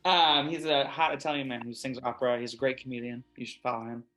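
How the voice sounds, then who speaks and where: A man's voice: mid-range voice, fairly even intonation, fast, sharp tone, faint music behind. An American man, an actor guest, chatting expressively and casually in an interview. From USA.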